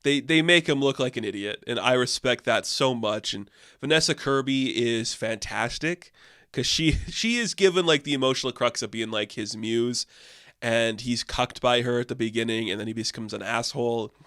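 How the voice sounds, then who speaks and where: A man's voice: moderate pace, sharp tone, no echo, clean studio sound. Casual, profane male movie reviewer. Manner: loose and profane, heavy "like" fillers, jumps up in pitch when incredulous.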